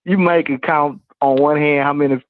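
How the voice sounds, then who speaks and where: A man's voice: on the high side, steady tone, moderate pace. A man calling in to a sports show, talking bluntly and casually with lots of slang. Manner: blunt, slangy, laid-back. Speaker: caller. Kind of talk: casual phone call-in. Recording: dull phone-line audio.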